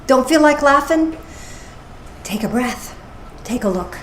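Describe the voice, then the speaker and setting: A woman minister giving a casual, playful sermon with animated asides. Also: high-pitched, slow pace. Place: church service. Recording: echoey room with faint noise.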